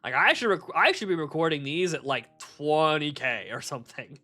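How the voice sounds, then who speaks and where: A man live-streaming from a warm room at home, rambling and swearing casually and laughing at his own jokes. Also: on the high side, expressive, moderate pace. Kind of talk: casual live-stream chat while shiny hunting.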